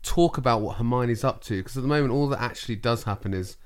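A man joking around in casual comedy podcast banter, playful and quick to laugh. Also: medium pitch.

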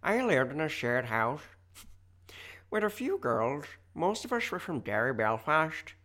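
A man's voice: fairly high pitch, sing-song, a little slow, fairly bright tone, pitched above the performer's own voice. A man voicing a young woman from Derry, reading a listener's gossip story in an exaggerated, sing-song put-on Northern Irish accent. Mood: mock-serious.

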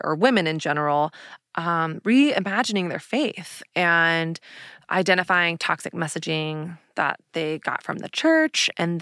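A woman hosts her own podcast and tells a personal story in a candid, lively way, full of casual fillers. Her voice sits a little low, and the close mic sound is dry. Her delivery is relaxed and conversational. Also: clean tone, no echo. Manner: candid, animated retelling with laughs and fillers. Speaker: podcast host.

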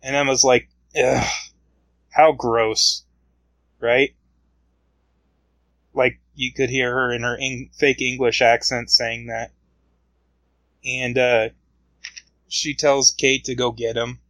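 Slow-talking man recapping a comic. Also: mid-range voice, little pitch movement, fairly bright tone, dry recording, rough recording. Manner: rambling retelling with many fillers. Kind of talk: casual comic book recap.

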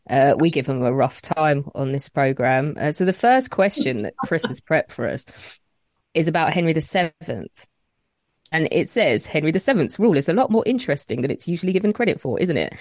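A woman's voice: sits low, darkish tone, dry recording, studio quality. A woman co-hosting a podcast, chatty and teasing as she interviews a guest. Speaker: podcast co-host. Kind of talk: casual chat interview.

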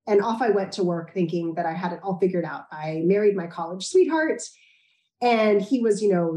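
A woman, probably in her thirties, speaking as an interview guest and telling a personal story in a reflective, candid way with halting restarts. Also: on the low side, darkish tone, reverberant.

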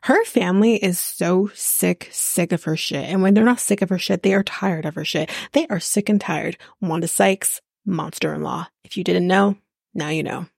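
A woman's voice: lowish voice, moderate pace, creaky, a little mellow, husky, no room sound, clean studio sound. A woman hosting a podcast who recaps a reality show in a rambling, sarcastic way and swears freely. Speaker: podcast host. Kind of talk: casual chatty reality TV recap.

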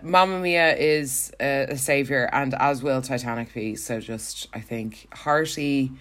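A woman's voice: rumbling low, measured pace. A young woman, co-hosting a casual chat, talking with lots of fillers and frequent laughs. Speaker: podcast co-host.

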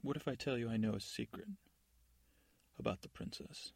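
A man voicing a sly, scheming female fairy godmother witch in a hushed bedtime story, coaxing and soft. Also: mid-range voice, moderate pace, creaky, husky, no room sound.

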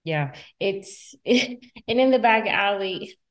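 Blunt, animated young woman podcast host. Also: mid-range voice, slow. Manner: blunt, animated, swears freely. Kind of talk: casual recap chat.

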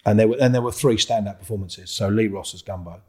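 This podcast guest talks fast in a husky, fairly low voice with a London accent. He tells his story with animated, acted-out dialogue and lots of swearing.

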